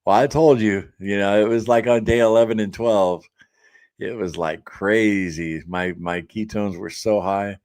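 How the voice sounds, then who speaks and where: A man with a very deep, low-pitched voice hosts a casual live stream from his home office. He reads viewer comments aloud and chats back in an easygoing way, full of fillers and quick laughs. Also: fairly even intonation, darkish tone. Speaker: host of a diet support live stream.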